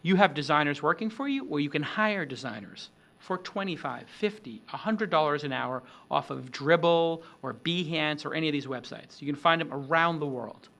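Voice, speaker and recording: A middle-aged man hosting a talk on product demos, animated and acting out example pitches with shifting tone. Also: moderate pace, gravelly. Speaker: host. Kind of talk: instructional talk on startup demos.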